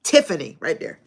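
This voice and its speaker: A woman live streaming who chats casually with her audience, swears freely and laughs often. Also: high voice. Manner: laughs often, profane and animated.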